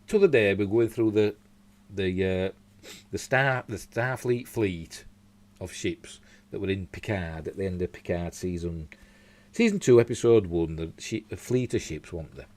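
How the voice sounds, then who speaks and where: A man's voice: lowish voice, darkish tone. A man with a Yorkshire accent hosting a casual news chat at home, reading articles aloud with rambling asides. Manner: rambling, chatty, with asides and slips. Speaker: news show host. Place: home room.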